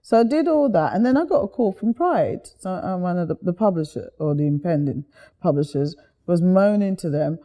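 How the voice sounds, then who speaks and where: Lively woman guest, mellow tone, animated storytelling. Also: fairly low pitch, a little fast. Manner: lively, chatty, slips into voices while telling stories.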